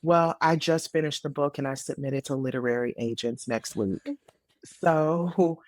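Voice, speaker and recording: A woman in her late thirties, a podcast guest, telling her story in casual conversation, earnest and animated with frequent fillers. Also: deep voice, moderate pace, dry recording, studio quality. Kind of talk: casual interview testimony.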